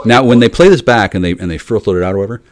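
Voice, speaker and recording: Man, lowish voice, fast swearing rant, lots of restarts, streaming panel talk. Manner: profane, rapid, repetitive restarts. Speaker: livestream panel guest. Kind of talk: rambling conspiratorial monologue.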